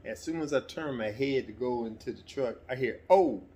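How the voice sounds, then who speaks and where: A middle-aged man telling a personal story in a relaxed, conversational way, sometimes getting animated. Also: mid-range voice, a little fast. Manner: relaxed, conversational, breaks into animated quoted voices. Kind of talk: casual spoken anecdote.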